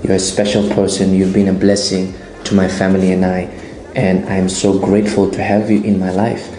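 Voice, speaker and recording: A man with a very low, dark and mellow voice speaks in an earnest, slow and prayerful way. His delivery stays flat and even. He is recorded in an echoey room with a faint hum of ambient noise behind him. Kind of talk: recorded birthday greeting.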